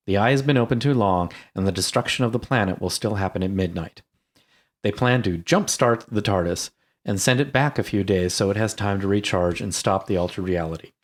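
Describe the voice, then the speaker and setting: A man co-hosting a podcast, reading plot recaps and explaining series lore in a matter-of-fact way. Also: fairly low pitch. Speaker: podcast co-host. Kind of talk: casual chat and reading a plot summary.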